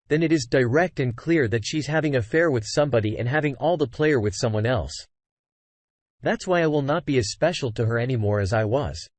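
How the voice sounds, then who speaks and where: Male storyteller, earnest and conversational; lively pitch, dry close recording. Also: no echo. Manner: conversational, frequent "you know" fillers. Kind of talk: first-person story narration.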